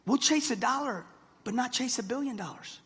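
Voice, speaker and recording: A man's voice: very high-pitched, fairly quick, a bit bright, slightly rough. A man in his sixties giving a punchy motivational seminar talk to a live audience, pressing them with "okay?" and "right?". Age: 60s. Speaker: motivational speaker. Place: large event hall before a live audience. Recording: reverberant hall.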